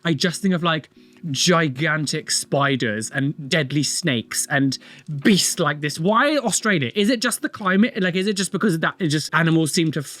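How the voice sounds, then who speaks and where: A man's voice: on the high side, expressive, normal speed, a bit bright. A man hosting a reaction video, rambling and exclaiming with lots of fillers. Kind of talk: casual reaction commentary.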